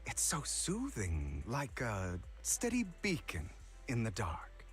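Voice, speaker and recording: An actor playing a suave, mysterious male collector, speaking in smooth, courtly, flattering game dialogue. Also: lowish voice, takes it slowly, soft background music, full character voice.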